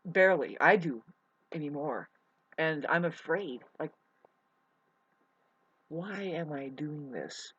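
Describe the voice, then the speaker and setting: A woman's voice: sits low, animated, slow pace, long pauses, a bit bright, slightly rough, highs cut off. A woman doing a rambling, improvised comic monologue in a put-on, hammy mock accent, with theatrical exclamations and sudden swearing. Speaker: comedian.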